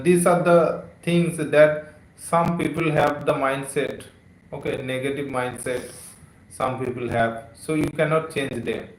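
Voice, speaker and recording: A man teaching English words on a live stream, talking slowly with many fillers and repeated phrases. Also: mid-range voice, roomy sound, slight background noise, poor audio. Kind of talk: live-streamed vocabulary lesson.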